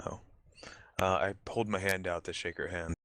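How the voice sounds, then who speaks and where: A man's voice: low-pitched, steady tone, moderate pace, a bit bright, no echo, clean studio sound. A man playing a tabletop game, goofing around with crude jokes and frequent laughs. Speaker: player. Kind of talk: casual tabletop play.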